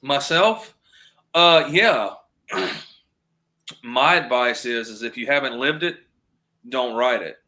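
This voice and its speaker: A man's voice: medium pitch, animated, slow, pauses often, bright, forceful tone. A man, a guest chatting casually on a podcast and telling stories with acted-out quotes. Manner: storytelling, acts out quoted voices, drawling repeats.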